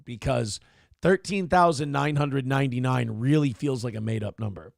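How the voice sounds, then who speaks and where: A man's voice: mid-range voice, animated, normal speed, creaky, no room sound, studio quality. A man hosting a morning show, giving profane, sarcastic commentary on news clips.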